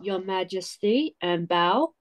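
A woman's voice: medium pitch, lively intonation, takes it slowly. A woman taking part in an online class, answering casually and hesitantly with many fillers. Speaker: workshop participant.

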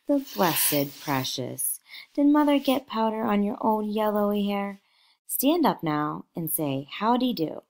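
A woman's voice: deep voice, very animated, moderate pace. A woman reading a novel aloud, voicing a glamorous young woman who croons in a sing-song manner. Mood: crooning.

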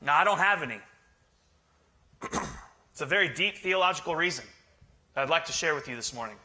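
A man's voice: fairly high pitch, expressive, fairly quick, sharp tone. A male pastor preaching a sermon in a joking, conversational way, teasing his congregation. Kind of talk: humorous sermon.

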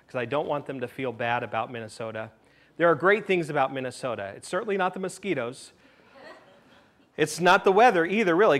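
Lively male pastor preaching a sermon. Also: fairly high pitch. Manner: lively, swings from loud emphasis to quiet asides; playful joking asides. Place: church sanctuary.

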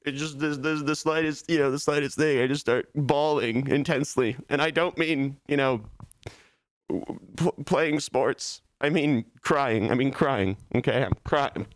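A man's voice: medium pitch, a little slow, no room sound, clean studio sound. A male streamer doing a mock-melancholy, self-pitying comic bit in casual stream chat, breaking into laughs, speaking from his office. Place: office, sitting on a beanbag.

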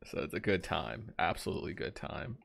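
A young man chats through a game stream, relaxed and rambling, reading out viewers' names and greeting them as he drifts between topics with no script. His low voice carries a noticeable gravelly fry, he talks fairly quickly, and there's a little hiss or hum in the audio.

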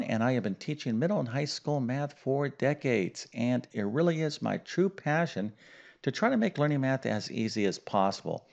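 Man, middle-aged, math teacher, gravelly, lowish voice, emphatic, upbeat, lo-fi audio. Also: a little mellow. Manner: emphatic, upbeat teacher talk with many okays and fillers. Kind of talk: online math lesson.

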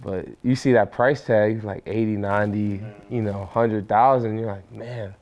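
Thoughtful young man, lowish voice. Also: unhurried, dull audio. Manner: thoughtful, candid, relaxed. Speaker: guest. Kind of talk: casual chat among friends.

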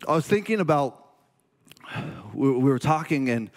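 A male pastor in his forties delivers a sermon, his voice sitting a little high for a man. He speaks in an earnest, halting way, restarting phrases as emotion catches him. The delivery feels confessional and heartfelt. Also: lively intonation, big-room sound.

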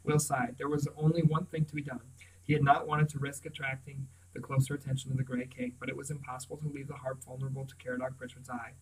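A man reading a novel aloud in a steady, measured storybook narration. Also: medium pitch, slightly rough, far from the mic, rough recording. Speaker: audiobook reader.

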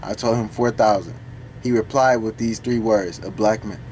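Animated, profane man reacting to music. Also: fairly low pitch, normal speed, slight background noise. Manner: animated, profane, talks back to the song. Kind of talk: casual reaction commentary.

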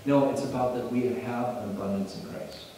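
A man preaching a sermon as pastor, animated and building to emphatic bursts, often restarting his phrases. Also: medium pitch, moderate pace, a little hiss or hum. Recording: echoey hall, mic at a distance.

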